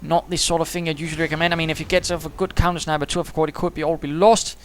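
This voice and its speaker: A man giving quick, chatty play-by-play commentary on a strategy game, with dry humour and British turns of phrase. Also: a little high, flat delivery, slight background noise.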